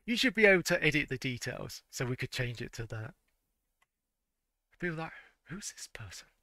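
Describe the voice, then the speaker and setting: A man's voice: on the high side, big pitch swings, moderate pace, pushed and bright, dry recording. A man, casually commenting on a retro game and reading its text aloud, stumbling and correcting himself with frequent laughs. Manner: stumbling over words, self-correcting, laughing. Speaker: let's-play host.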